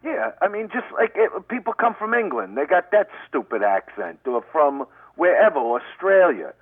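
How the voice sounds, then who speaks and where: A man's voice: fairly high pitch, very animated, moderate pace, no room sound. Brash middle-aged male comic, thick Brooklyn accent, phoned-in, tinny line. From Brooklyn, New York. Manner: brash, rambling, profane. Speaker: guest comedian. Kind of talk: phone-in radio interview.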